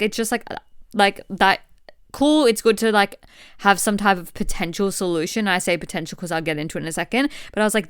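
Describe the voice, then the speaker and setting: Smooth-voiced young woman, chatty and candid. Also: mid-range voice, dry recording, studio quality. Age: 20s. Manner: chatty, swearing, animated retelling with quoted dialogue. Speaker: podcast host. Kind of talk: candid solo podcast chat.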